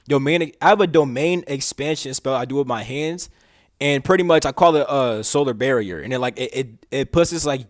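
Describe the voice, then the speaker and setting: Animated slangy young man telling a story. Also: a little high. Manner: slangy, animated, swearing, rambling with restarts. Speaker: podcast host. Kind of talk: casual storytelling monologue.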